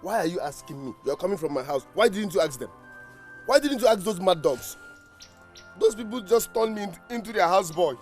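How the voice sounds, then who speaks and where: A man's voice: high-pitched, animated, fairly quick, faint music behind. An actor playing a weary Nigerian man who begs his mother to leave him alone. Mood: despairing. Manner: weary, pleading to be left alone. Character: weary, humiliated grown son, a fake soldier. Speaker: troubled husband of several wives.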